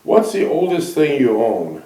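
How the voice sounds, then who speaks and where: A man hosting an interview, firing off brisk questions and answering with short acknowledgments. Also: medium pitch, big pitch swings, dark tone, reverberant, rough recording. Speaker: interviewer, show host. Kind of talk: reading aloud and asking interview questions.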